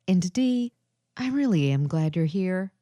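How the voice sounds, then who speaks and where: A woman's voice: on the low side, lively intonation, a little slow, warm tone, no room sound, clean studio sound. A woman voicing a young woman who is an experienced adventurer and speaks encouragingly to her friend. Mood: tender. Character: young woman, seasoned undercover adventurer, reassuring.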